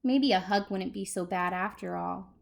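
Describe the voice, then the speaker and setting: A woman's voice: mid-range voice, normal speed, vocal fry, a little hiss or hum. A woman librarian reading a picture book aloud to preschool children, asking them questions as she goes. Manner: animated, talks to small children.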